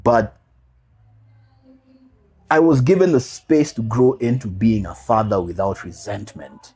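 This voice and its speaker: A man's voice: fairly low pitch, unhurried, mellow, breathy edge. A man speaking as a podcast guest, telling his story as a father in a heartfelt way, repeating key phrases and mixing casual slang with earnest reflection. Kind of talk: personal storytelling in a podcast interview.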